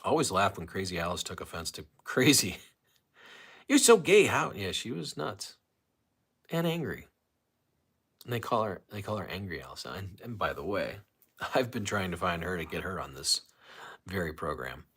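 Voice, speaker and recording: A man's voice: sits low, lively intonation, normal speed, bright, forceful tone, breathy edge. A man hosting a casual live stream, rambling, restarting his sentences and reading viewer comments aloud.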